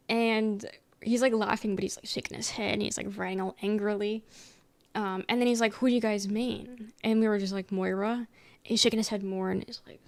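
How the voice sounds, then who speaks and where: A woman's voice: medium pitch, fairly even intonation, moderate pace. A young woman streamer casually rambling through a story, full of fillers and quoted back-and-forth. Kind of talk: casual chat.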